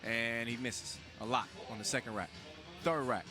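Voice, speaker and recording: A man with a mid-range voice calls live basketball play-by-play at a moderate pace, with music playing in the background at the venue. His sports commentary is casual and joking, packed with fillers and restarts.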